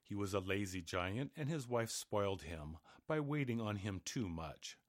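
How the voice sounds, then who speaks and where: A man narrating a fairy tale aloud in an expressive storybook reading. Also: on the low side, moderate pace, no echo, studio quality. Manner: expressive, animated.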